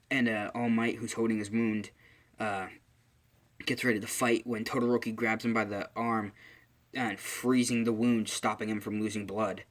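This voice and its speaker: A man's voice: lowish voice, level tone, a little fast, a bit bright. A man casually retelling a fan story, rambling with many fillers and restarts.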